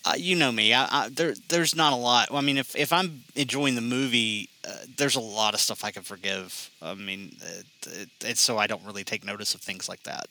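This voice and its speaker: A man's voice: on the low side, fairly quick, few pauses, bright, forceful tone, low-quality recording. A man co-hosting a casual movie podcast, explaining plot points emphatically in an easygoing way. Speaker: podcast co-host. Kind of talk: casual movie review chat.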